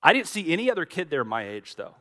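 A middle-aged man, a pastor preaching a sermon with dramatic storytelling, swinging from loud to hushed. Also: fairly high pitch, sing-song, fast talker.

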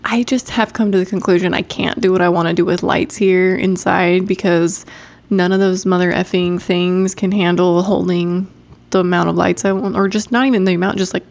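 A young woman with a stuffed-up nose, chatting loosely on a podcast. Her voice sits a little low and carries a gravelly fry. She rambles, restarts her sentences and laughs a lot. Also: a little mellow. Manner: rambling, self-interrupting, laughs often. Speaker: podcast co-host. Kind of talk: casual chat.

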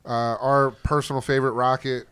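A man co-hosting a podcast, excitedly recapping a wrestling show in casual, profane chat and acting out what people said. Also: medium pitch, fairly quick, clear, resonant tone, dry recording. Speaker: podcast co-host.

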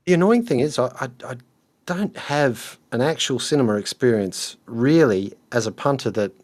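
A man's voice: mid-range voice, lively intonation, normal speed, darkish tone, no echo. A man telling a story in a casual podcast chat, rambling and hesitant. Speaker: podcast co-host.

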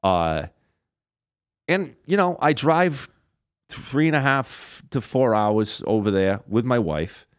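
A male comedian telling a story as a podcast guest, animated and full of swearing. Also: medium pitch, takes it slowly, no echo, clean studio sound. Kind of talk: casual storytelling in a podcast interview.

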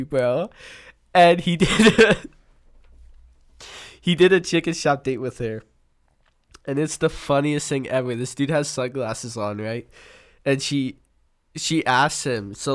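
A man's voice: on the high side, clean tone. A young man co-hosting a podcast in casual chat, rambling as he retells clips. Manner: rambling retelling full of "like" and "dude". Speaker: podcast co-host.

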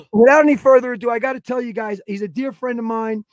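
A man's voice: very high-pitched, fast, dry recording. A man hosting a podcast, telling long, rambling stories and acting out the voices and sound effects of the people in them. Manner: animated, acts out quoted voices and sound effects. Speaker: podcast host. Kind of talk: casual podcast storytelling.

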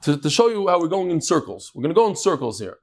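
A high-voiced man leads a Talmud class with a voice that swoops up and down. He teaches by firing rhetorical questions at his students and often breaks off and restarts his sentences. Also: quick pace. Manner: animated, fires rhetorical questions, frequent restarts.

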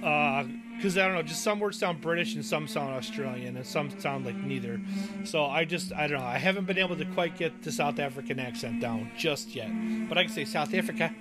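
A man's voice: a little high, fairly quick, loud music behind the voice. A man hosting a podcast in casual conversation, chatty and rambling with fillers. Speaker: podcast host.

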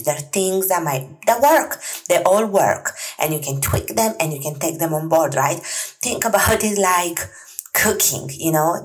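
Low-pitched female podcast host in her thirties, earnest and chatty, lots of fillers. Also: rough recording. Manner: chatty and earnest, many fillers and soft laughs. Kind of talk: solo podcast monologue.

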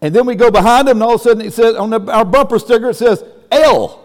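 High-voiced man preaching in a reverberant hall. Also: very fast. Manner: folksy, emphatic preaching with exclamations. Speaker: pastor. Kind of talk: sermon.

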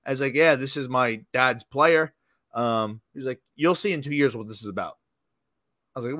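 A man's voice: mid-range voice, quick pace, bright, forceful tone, no room sound, clean studio sound. A man hosting a casual sports talk show, telling anecdotes and swearing freely. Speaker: podcast host.

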